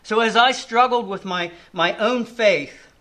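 A man's voice: high voice, unhurried, pushed and bright. An older man preaching a sermon in an earnest, reflective way, often restarting and letting his line endings fall.

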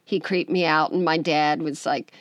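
A woman co-hosting a casual chat, telling stories in a relaxed way with wry asides. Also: sits low, normal speed, no echo, dull audio. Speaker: podcast co-host.

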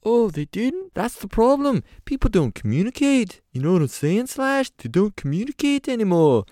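A man impersonating an aging male British rock star who rambles and swears freely, in a high excited voice. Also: moderate pace, no room sound, clean studio sound.

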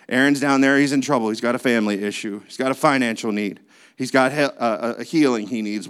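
A man's voice: mid-range voice, animated, normal speed, a bit bright. A man preaching a sermon as a pastor, with a conversational manner, lots of rhetorical questions and playful asides.

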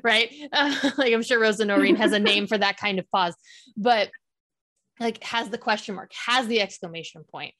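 A woman's voice: medium pitch, moderate pace, a bit bright. A woman hosting a podcast, interviewing a dance teacher in an enthusiastic, encouraging way. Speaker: podcast host.

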